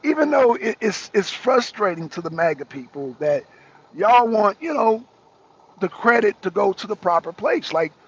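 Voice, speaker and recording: This talk show host, a man with a high, husky voice, rambles through casual political commentary for viewers in a sing-song manner at normal speed. He repeats himself, laughs a lot and talks in slang, and the recording sounds dull and lo-fi.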